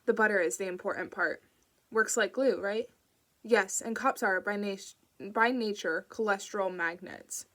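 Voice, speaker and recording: A woman's voice: mid-range voice, normal speed, fairly bright tone, natural voice. A woman voicing a wry, matter-of-fact female FBI agent.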